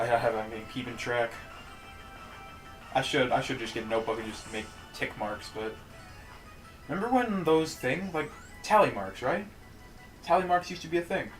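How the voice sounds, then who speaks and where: A man's voice: medium pitch, fairly bright tone, rough recording. Rambling, joking male game streamer. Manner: joking, rambling, self-mocking. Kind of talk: casual gaming stream chat.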